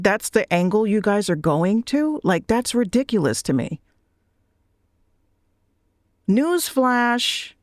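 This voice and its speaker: A woman's voice: on the low side, dry recording, studio quality. Blunt, profane ranting woman. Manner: blunt, profane, repeats phrases. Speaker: VTuber. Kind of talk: ranting monologue.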